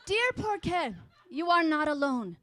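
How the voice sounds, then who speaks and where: A woman's voice: high-pitched, big pitch swings, unhurried, fairly bright tone, exaggerated voice. A woman playing a prim Spanish advice columnist. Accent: put-on Spanish accent. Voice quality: prim, sing-song, mock-pious. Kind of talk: character stand-up.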